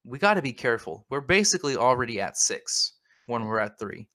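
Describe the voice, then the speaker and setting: A man's voice: medium pitch, very animated, fairly quick, bright, forceful tone, dry recording, clean studio sound. A man co-hosting a comedic podcast, rambling in a mock-earnest way and repeating his words. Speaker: podcast co-host.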